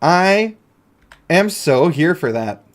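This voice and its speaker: A man's voice: on the high side, big pitch swings, slow pace. A man giving casual, joking commentary as he plays a mobile game, talking to himself and his viewers. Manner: playful, jokey, talks to himself and viewers. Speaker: gaming YouTuber.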